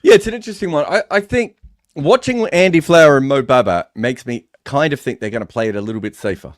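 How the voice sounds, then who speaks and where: Mid-pitched male cricket analyst. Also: quick pace, no echo, clean studio sound. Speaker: co-host and analyst. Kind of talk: live sports watch-along banter.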